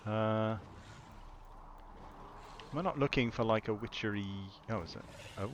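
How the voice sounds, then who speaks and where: A man's voice: fairly low pitch, measured pace, slight background noise. A young man casually commenting as he plays a video game, thinking aloud with exasperated asides. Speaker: gamer. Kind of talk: casual let's-play commentary.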